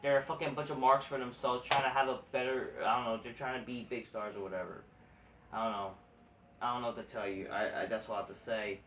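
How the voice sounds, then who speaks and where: Talking fast in a steady, fairly bright medium-pitched voice, a man who does wrestling commentary vlogs rants about wrestling news, swearing, rambling, exasperated and full of restarts. The recording is distant and echoey, with a little hiss or hum.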